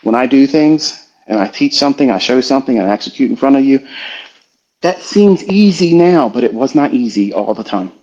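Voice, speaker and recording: A middle-aged man giving a reflective, confessional motivational talk as a trading educator in a live audio room, slow and halting. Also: mid-range voice, expressive, a little mellow. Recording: slightly muffled online audio stream.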